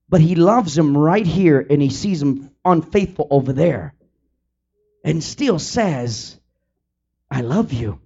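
A man's voice: sits high, vocal fry, darkish tone. A male pastor leading his congregation in fervent, repetitive pleading prayer. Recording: dull lo-fi recording with faint music.

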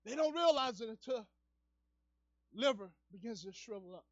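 A male evangelist preaching a church sermon, dropping to low murmurs and then rising into fervent shouting, captured on a dull, lo-fi recording. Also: lively intonation, normal speed, dry recording. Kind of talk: fiery preaching. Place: church service.

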